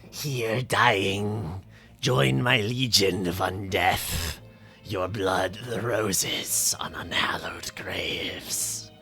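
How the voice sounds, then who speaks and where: A man voicing a sinister undead male marquis in a fan voice-over of game dialogue, low, hushed and drawn out, straining his voice. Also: faint music behind, exaggerated voice. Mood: whispering menace. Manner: low hushed theatrical menace, drawn-out whispers.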